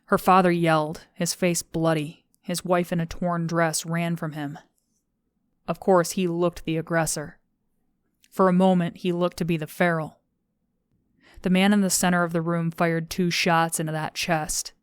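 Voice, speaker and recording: A woman narrating a novel as an audiobook, in a steady, measured reading. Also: on the low side, clean tone, no room sound. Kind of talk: scripted narration of a thriller novel.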